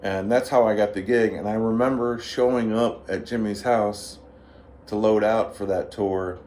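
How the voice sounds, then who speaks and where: Man guest on a talk show, lowish voice, spins lively anecdotes, faint noise behind. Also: normal speed. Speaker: blues guitarist, interview guest. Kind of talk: casual storytelling.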